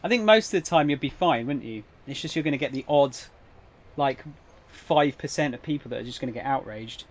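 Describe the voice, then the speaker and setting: A man's voice: medium pitch, a little fast. A young man streaming a game, chatting casually with viewers in a rambling, hesitant way. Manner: rambling, hesitant, lots of fillers and restarts. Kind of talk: casual live-stream chat.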